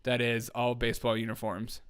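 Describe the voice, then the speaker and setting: A man's voice: mid-range voice, completely flat delivery, moderate pace, fairly bright tone, clear, resonant tone. A man hosting a comedy news show, sarcastic and laughing often as he riffs. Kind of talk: casual comedic commentary.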